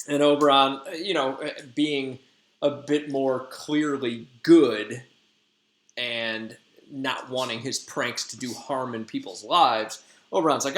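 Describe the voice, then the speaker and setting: A man's voice: medium pitch, animated, measured pace, a bit bright. A man in his thirties, a teacher retelling a play in chatty, jokey, slangy talk. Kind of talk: casual lesson retelling a play. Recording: echoey room.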